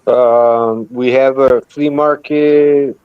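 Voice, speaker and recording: A man who is a guest on a casual live stream, talking in a halting way, repeating himself and joking now and then. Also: mid-range voice, fairly even intonation, clean tone, dull audio.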